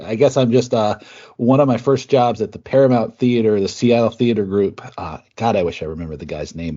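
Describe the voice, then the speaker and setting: A man's voice: fairly low pitch, warm tone, slightly rough, highs cut off. A man hosting a podcast, chatting casually and rambling through his stories before getting to a question. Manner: rambling, chatty, laughs easily. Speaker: podcast host. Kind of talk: casual interview chat.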